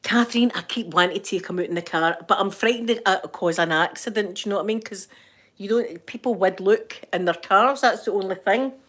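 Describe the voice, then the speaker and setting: A woman's voice: medium pitch, brisk, fairly bright tone. An older Scottish woman talking straight to camera from her home. She rambles happily in a mid-height voice and breaks into laughter often. Her tone stays homely and affectionate toward her viewers. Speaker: vlogger. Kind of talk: casual chat to camera.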